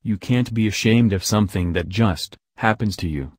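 A man's voice: on the low side, moderate pace, husky, no echo, studio quality. A man reading the lines of an impulsive young heroine who speaks in an earnest, heartfelt way. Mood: impassioned.

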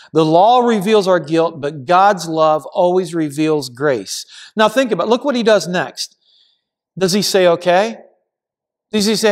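A man pastor preaching a sermon in a church, earnest and emphatic, repeating phrases for stress. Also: a little high. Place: church sanctuary.

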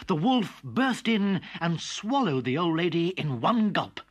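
Expressive male children's storyteller. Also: a little high, unhurried. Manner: gentle, expressive reading. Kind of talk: scripted narration of a children's story. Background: background music.

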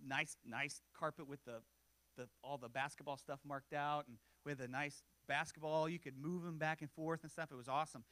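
A man's voice: fairly high pitch, fairly even intonation, a little fast, a bit bright, no echo. A man in his forties preaching a sermon in a conversational way, with joking asides and self-deprecating humor. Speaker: pastor.

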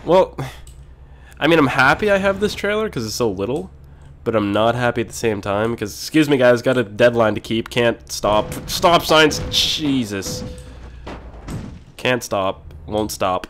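A man hosting a casual let's-play video while sick, clearing his throat often, excitable and quick to yell and swear when things go wrong. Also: medium pitch, faint music behind. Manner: excitable, swears and yells at mishaps. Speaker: gaming video host.

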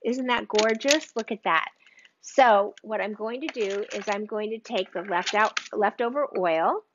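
Speaking a little slowly, this cooking show host streams live from home, raving about the dishes and bantering with her audience. Her pitch is ordinary. Background noise sits under a slightly dull, lo-fi kitchen sound.

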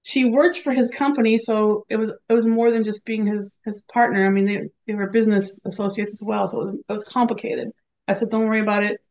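A middle-aged woman, a podcast guest, recounting a personal story with feeling and lively retold quotes. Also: mid-range voice, a little fast. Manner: emotional, quotes others in lively retellings.

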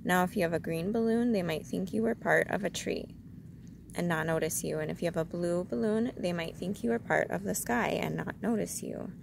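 A woman voicing a gentle, simple-minded male bear in a storybook reading. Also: fairly low pitch, a little fast, gravelly, noisy background. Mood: thoughtful.

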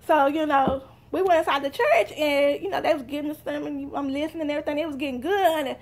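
A woman's voice: sits high, fairly even intonation, fast talker. A young woman, chatting straight to her viewers in a casual haul vlog. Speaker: vlogger.

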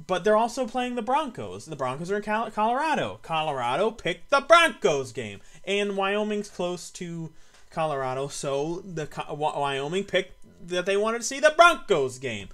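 A young man from Florida, a podcast host, ranting about sports in a profane, exasperated way and bursting into yelling. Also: sits high, sing-song, normal speed. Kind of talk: angry sports rant.

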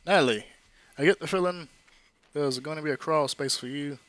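Man, gamer, casual let's-play commentary, animated, exclaims often, bright tone. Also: on the high side, brisk, dry recording. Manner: animated, exclaiming at game moments.

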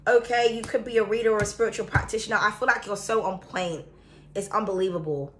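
A woman's voice: mid-range voice, fairly quick, background noise. A woman from the Caribbean giving a chatty, emphatic tarot reading, speaking straight to the viewer. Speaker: tarot reader.

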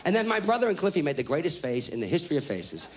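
Fairly high-pitched and very animated, this man in his thirties does live stand-up, firing off a profane tale at speed. The punchlines come out as shouts in his brash delivery.

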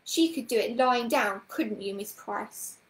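A woman's voice: fairly high pitch, unhurried, reverberant, natural voice, poor audio. A woman voicing a small sulky boy with a whiny, complaining way of talking.

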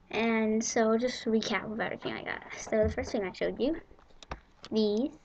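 A female vlogger, chatting excitably to camera about a shopping haul and rambling with giggles. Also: fairly high pitch, slight background noise. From England. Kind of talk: casual chat to camera. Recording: dull lo-fi home video audio.

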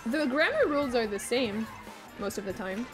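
A giggly young woman from Quebec, Canada, whose first language is Quebec French, chats casually while streaming a game. She rambles, mocks herself and swears freely. Her expressive voice sits on the high side at a normal speed, with music in the background.

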